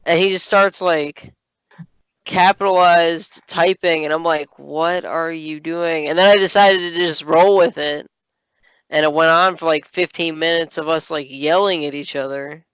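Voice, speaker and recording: A man's voice: on the high side, fairly even intonation, normal speed, a bit bright, clear, resonant tone, no room sound, muffled recording. A man co-hosting a podcast, chatting casually and telling stories animatedly, with many fillers. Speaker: podcast co-host. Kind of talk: casual chat.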